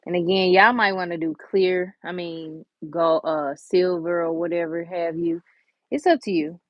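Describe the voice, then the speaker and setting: A woman with a lowish voice talks her viewers through doing her own nails in a relaxed, chatty way, calling them y'all and honey. The sound is dry and a little dull, like a modest home recording. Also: normal speed, dry recording. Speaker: nail tutorial vlogger. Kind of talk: casual how-to chat.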